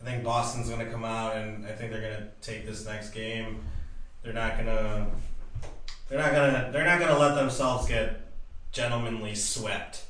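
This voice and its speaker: A man's voice: on the low side, fairly even intonation, normal speed, a bit bright. A man on a casual sports podcast giving betting picks in a playful, hyped-up way. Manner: playful, hypes his picks. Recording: echoey room, voice far from mic.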